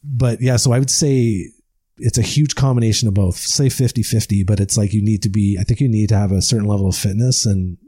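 A man's voice: lowish voice, a little fast, dark tone, breathy edge, no room sound. A man chatting casually over a video call about endurance cycling, rambling and stammering, often laughing. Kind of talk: casual chat.

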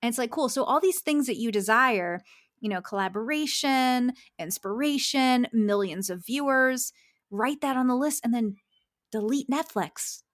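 A woman's voice: fairly high pitch, normal speed. A woman, a success coach, talking earnestly in a podcast interview and laughing often.

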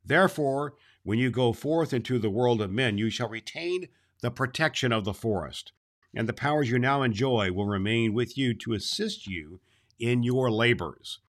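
A man's voice: mid-range voice, lively intonation, moderate pace, voice pushed up, natural voice. A man voicing an ancient master woodsman who speaks with solemn authority. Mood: proclaiming. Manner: proclaiming, authoritative. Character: stern ancient male master woodsman, commanding.

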